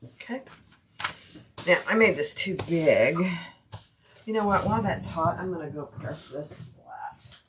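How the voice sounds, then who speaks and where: A woman talks unhurriedly in a fairly low voice while sewing live, chatting with her viewers and greeting them as they arrive. She speaks casually in a home sewing room, with a steady noise running under her voice. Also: a little slow, pauses often. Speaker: sewing livestream host. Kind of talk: casual live crafting chat.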